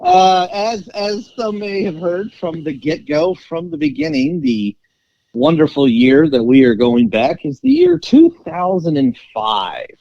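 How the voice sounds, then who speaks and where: A man co-hosting a sports podcast, his pitch bouncing and lively as he tells stories with fillers and laughs. The mic sounds dry and a little dull, with no room echo. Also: measured pace. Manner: animated and storytelling, with frequent fillers and laughs. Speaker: podcast co-host. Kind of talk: casual sports podcast chat.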